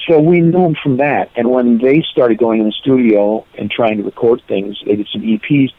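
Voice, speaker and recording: A man's voice: medium pitch, moderate pace. An older man and musician, casually telling rambling stories in an interview and correcting himself as he goes. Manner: rambling, anecdotal, self-correcting. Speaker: musician guest. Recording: tinny phone-like line.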